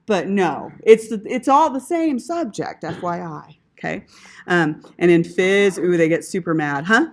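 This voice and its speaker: A woman's voice: fairly low pitch, expressive, normal speed. Woman instructor giving a loose, conversational classroom lecture with a mild swear here and there. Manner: casual, chatty, checks in with "right?" and mild swearing. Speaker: anatomy instructor.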